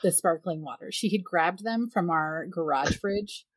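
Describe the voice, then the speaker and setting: Woman, thirties, podcast co-host, husky, lowish voice, lively storytelling, dry close sound. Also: unhurried, no room sound. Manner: animated storyteller, acts out quoted voices, laughs often. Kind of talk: casual chat, storytelling.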